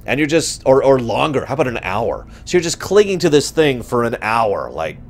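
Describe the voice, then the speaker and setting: A man chatting through a game playthrough, self-deprecating and quick to laugh. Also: medium pitch, big pitch swings. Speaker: gamer commentator. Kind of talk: let's-play commentary.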